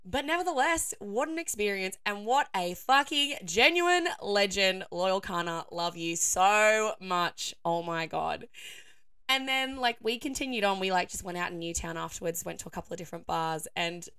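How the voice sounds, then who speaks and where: A young woman hosting a casual solo podcast, her voice croaky and hoarse, chatting with lots of fillers and frequent laughter. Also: medium pitch, animated, moderate pace, a bit bright, no echo, studio quality. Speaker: podcast host.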